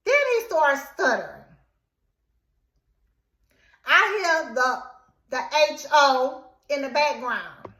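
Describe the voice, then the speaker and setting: A young adult woman telling a casual story time, animated and dramatic as she acts out what was said. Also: high-pitched, slow, pauses often, reverberant. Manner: animated, dramatic retelling with quoted outbursts.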